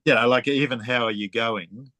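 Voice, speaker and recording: An Australian man interviewing a guest in a relaxed way, telling stories and laughing often. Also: medium pitch, normal speed, dry recording. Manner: chatty, storytelling, laughs often. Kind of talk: casual conversational interview.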